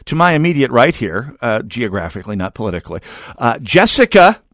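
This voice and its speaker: A man's voice: medium pitch, big pitch swings, a little fast, fairly bright tone, no room sound. A middle-aged man hosting a radio talk show in a studio, chatty and joking, with many filler words.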